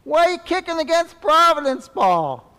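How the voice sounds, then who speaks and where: A preacher voicing the Lord calling out. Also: male voice, big pitch swings, moderate pace, full character voice. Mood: commanding. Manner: loud, high, proclaiming. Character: the risen Lord, commanding divine male voice. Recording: long church reverb.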